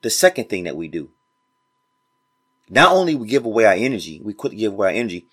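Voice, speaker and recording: This man's voice is on the low side, husky and a bit bright, swinging widely in pitch as he talks fast. Hosting a motivational podcast, he preaches casually and directly to his listeners, repeating phrases for emphasis, his grammar informal.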